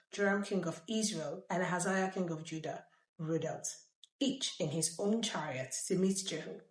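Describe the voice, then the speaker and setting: A woman reads scripture aloud with a slightly low voice. She reads with lively expression and stops for chatty asides. The room around her rings with echo. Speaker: Bible reader. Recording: roomy echo.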